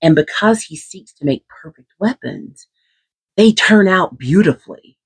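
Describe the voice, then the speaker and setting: Husky woman host, animated and emphatic, casually retelling lore. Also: fairly low pitch, a little slow, rough recording. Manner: animated and emphatic, drops into whispers. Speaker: channel host.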